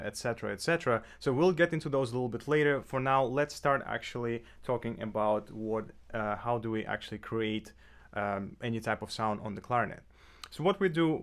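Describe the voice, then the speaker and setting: A man teaching clarinet in a casual tutorial from his apartment, talking loosely with many fillers and restarts. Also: fairly low pitch. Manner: relaxed, with frequent fillers and self-corrections. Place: apartment indoors.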